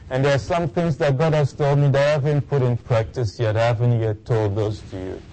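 A man's voice: on the low side, darkish tone, poor audio. A male pastor preaching an earnest sermon and leading fervent prayer.

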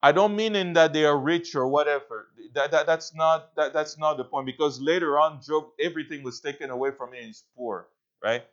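A man's voice: a little high, brisk, a bit bright. A man preaching a sermon as a pastor, earnest and emphatic, often restarting his phrases and checking in with the listeners. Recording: dull lo-fi recording.

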